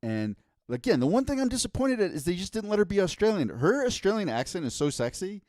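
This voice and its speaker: A man's voice: sits high, sing-song, fast, darkish tone, dry recording, clean studio sound. A man co-hosting a podcast in casual chat, giving opinions with eager restarts. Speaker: podcast co-host.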